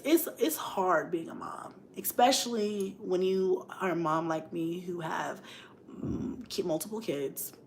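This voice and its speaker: A woman's voice: on the low side, a bit bright, a little hiss or hum. A woman in her thirties talking frankly and emotionally to livestream viewers, often laughing and reading comments. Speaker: mom vlogger on a livestream. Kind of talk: candid livestream chat.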